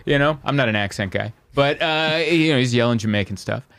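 A man co-hosting a podcast, telling a story in casual chat with an animated, jokey manner and quick acted-out quotes. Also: mid-range voice, no room sound.

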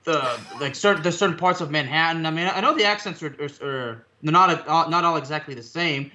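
A man's voice: a little high, a little fast, bright, forceful tone. A man whose first language is French, co-hosting a radio show, rambling and correcting himself as he talks. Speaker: radio co-host. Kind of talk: casual radio banter. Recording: slightly dull lo-fi sound.

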